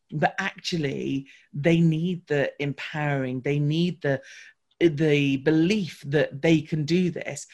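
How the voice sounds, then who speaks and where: A woman, a guest on an interview podcast, telling a personal business story in a lively, fast-flowing way with frequent restarts. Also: low-pitched. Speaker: podcast guest, marketing coach.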